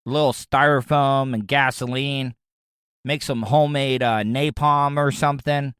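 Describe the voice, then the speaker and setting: A man's voice: mid-range voice, fairly even intonation, a little slow, fairly bright tone, clean tone, no echo, clean studio sound. A man from Florida hosting his own podcast, riffing in a crude, sarcastic, rambling way. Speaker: podcast host. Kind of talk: casual comedic commentary.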